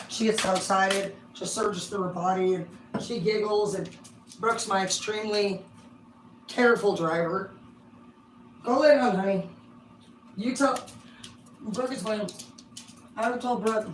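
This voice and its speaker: A middle-aged woman giving a casual, rambling tarot reading on a livestream. She talks excitably and swears constantly. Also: mid-range voice, moderate pace, pauses often. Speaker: tarot card reader. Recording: roomy sound from a distance, faint hum.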